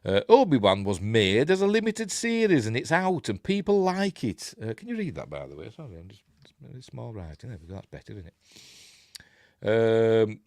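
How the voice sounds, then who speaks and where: A man with a Yorkshire accent chats casually through a live news stream, reading pieces out and tossing in sarcastic asides. His voice sits fairly low but swings widely in pitch. The sound is dry and close, with no room echo. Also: very animated, moderate pace, a little mellow. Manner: chatty and sarcastic, reads articles aloud and mocks them.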